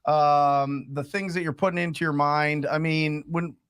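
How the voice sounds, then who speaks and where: A man's voice: on the high side, fairly even intonation, unhurried, a bit bright, clean tone. A man hosting a live podcast, talking in an upbeat, emphatic way. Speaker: show host. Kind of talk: casual live podcast chat.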